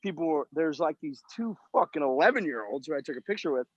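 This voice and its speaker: A man with a slightly high voice tells self-deprecating golf stories, swearing freely in a casual, rambling way. He is calling in from outdoors at a golf event. The sound is dull and lo-fi, with little room echo. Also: lively intonation, fast. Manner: profane storytelling, self-mocking. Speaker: podcast co-host. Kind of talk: casual chat.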